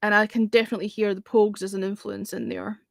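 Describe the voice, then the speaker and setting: A woman's voice: medium pitch, little pitch movement, fast, vocal fry, no echo, studio quality. A woman hosting a music review livestream, chatting casually and opinionatedly with lots of "you know" and the odd swear word.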